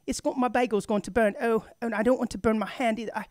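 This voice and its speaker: Guy doing a high panicky british lady, frets about her bagel stuck in the toaster, dry close mic. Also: fairly even intonation, quick pace, darkish tone, no echo, close to an everyday voice. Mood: flustered. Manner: panicky, fretting. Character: flustered woman guest with sudden British accent.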